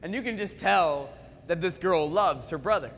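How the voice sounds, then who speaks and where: A man in his twenties gives a school assembly keynote, telling personal stories in a lively, chatty way with playful asides. His voice is high and bright. A long echo from the large hall trails behind every sentence. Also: normal speed. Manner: animated, conversational storytelling with comic asides. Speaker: motivational speaker. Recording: echoey school hall reverb.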